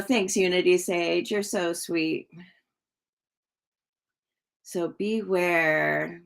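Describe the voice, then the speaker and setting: Slow, gravelly-voiced woman tarot reader. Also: fairly low pitch. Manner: chatty, reads out viewer comments and answers them; slow and drawn-out with many ums. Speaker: tarot reader streaming live. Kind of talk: casual live-stream chat with viewers.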